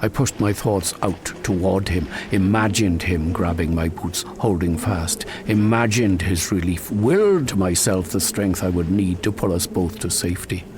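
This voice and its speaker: A man narrating a suspenseful first-person story in a measured, dramatic way, breaking into sharp cries at tense moments. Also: deep voice, crowd noise. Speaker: audiobook narrator.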